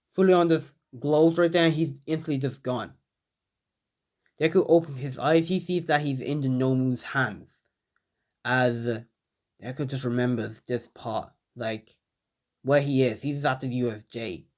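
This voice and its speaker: A young man narrates a fan story in a loose, casual way. He rambles and leans on filler words as he goes. His voice sits at an ordinary middle pitch. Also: measured pace, pauses often, a little mellow. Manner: rambling, many "like" and "just" fillers.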